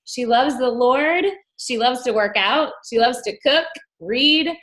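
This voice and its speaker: A woman with a slightly high voice opens a team video call. She introduces her guest in an upbeat, gushing way. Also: unhurried, a bit bright, rough recording. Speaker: host.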